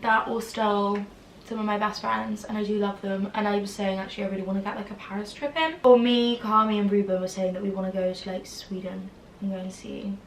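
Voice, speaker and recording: Speaking a little fast in a mid-range voice with little pitch movement, this young woman rambles casually to camera as a YouTuber, filling her talk with "like" in a slightly whiny tone. Her mic is distant in a roomy space, and there's slight background noise.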